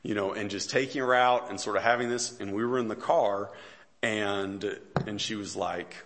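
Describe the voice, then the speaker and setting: A man's voice: lowish voice, moderate pace, fairly bright tone. Man telling humorous stories in a sermon. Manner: conversational storytelling with self-deprecating humor; frequent fillers and restarts, chuckles between lines. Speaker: pastor.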